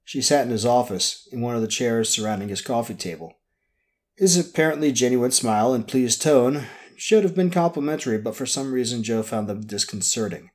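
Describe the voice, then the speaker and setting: A man narrating an audiobook in a steady, measured reading voice. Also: mid-range voice.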